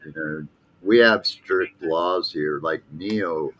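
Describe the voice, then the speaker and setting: A man's voice: low-pitched, slow, a bit bright. A middle-aged man, chatting casually and saying dude and you know a lot. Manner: laid-back, peppers speech with dude and you know. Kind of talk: casual chat.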